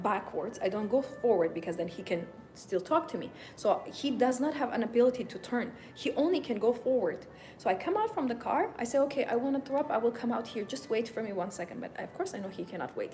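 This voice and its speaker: A woman's voice: on the high side, a little mellow, a little hiss or hum. A woman dating coach speaking live, emphatic and moralizing, repeating her phrases for effect. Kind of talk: live stream monologue.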